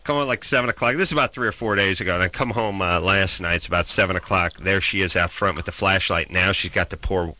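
A man's voice: deep voice, fast, few pauses, sharp tone, dry recording. A middle-aged man telling a story in casual comedic chat, ranting and sardonic.

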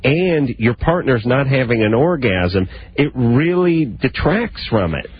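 A blunt, teasing radio host, a man with a slightly husky voice at an ordinary pitch. He banters crudely and bluntly with a caller. The audio sounds muffled, like a broadcast capture. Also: lively intonation, unhurried. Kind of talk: casual call-in radio banter.

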